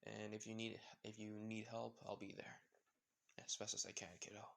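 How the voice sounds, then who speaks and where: Man voicing protective male biker, easygoing, gravelly. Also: fairly low pitch, level tone, normal speed, a bit bright.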